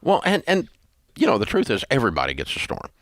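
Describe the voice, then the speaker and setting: A man's voice: mid-range voice, huge pitch swings, fast, fairly bright tone, no room sound, studio quality. Blunt folksy male talk-show host. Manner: blunt, folksy, rambling with restarts. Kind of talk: casual talk show chat.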